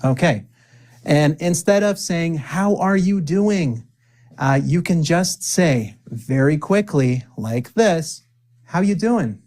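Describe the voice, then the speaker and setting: Slow, pausing man teaching English. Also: on the high side, animated, darkish tone. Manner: slow, with deliberate pauses for the viewer to repeat; playful, joking asides to the viewer. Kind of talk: spoken-English lesson with repeat-after-me drills.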